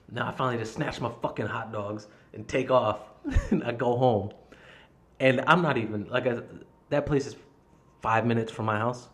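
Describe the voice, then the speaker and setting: A male podcast host telling a story in a loose, casual monologue. His voice sits in a mid range, and he swears freely as he works himself up. When he quotes his own yelling, he acts it out. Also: mid-range voice, normal speed. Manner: heated, profane storytelling with frequent swearing.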